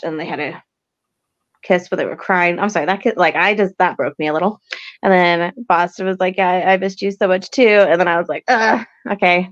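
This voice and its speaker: A woman's voice: fairly low pitch, highs cut off. A woman hosting a podcast, recapping an episode in a chatty, rambling way full of fillers. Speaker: podcast host.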